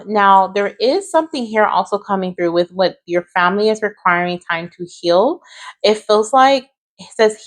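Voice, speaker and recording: Woman tarot reader, soft and reassuring, speaks straight to viewers, keeps checking in with them. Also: medium pitch. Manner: gentle, reassuring, often adds "right?" and "okay?". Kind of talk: pick-a-card tarot reading to viewers.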